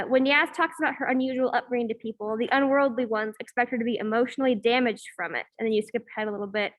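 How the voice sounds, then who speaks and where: A slightly high, somewhat bright female voice belongs to a young student running a class discussion via video call. Hesitant and full of fillers like "um" and "like," she speaks from a room in a campus hall that echoes.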